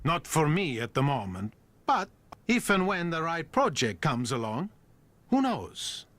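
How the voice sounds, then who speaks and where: A smooth knowing game character, voice swoops up and down a lot. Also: male voice, on the high side, sing-song, a little slow, fairly bright tone, no room sound. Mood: composed. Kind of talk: game voice acting.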